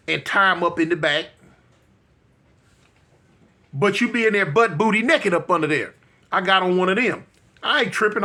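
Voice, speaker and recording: A bright, ringing male voice telling a funny story from his own life. He is in his fifties, talks to the audience like old friends, and bursts into sound effects and exclamations as he acts out each moment. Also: high-pitched. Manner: addresses listeners directly, colloquial. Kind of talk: comic personal storytelling.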